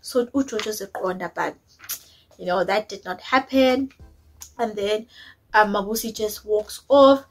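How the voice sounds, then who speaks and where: A woman's voice: mid-range voice, unhurried, a little hiss or hum, rough recording. A woman, chatting opinionatedly as she recaps a reality show episode, dropping in isiZulu words. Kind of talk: casual recap chat.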